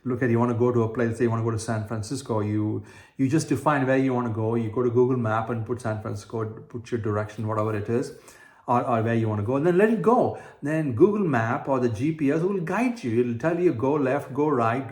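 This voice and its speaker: A man's voice: medium pitch, a little fast, darkish tone. Earnest self-help coach man, echoey room. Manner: earnest and repetitive, uses everyday examples, frequent fillers and restarts. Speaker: manifestation coach. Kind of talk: motivational self-help talk. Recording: roomy echo.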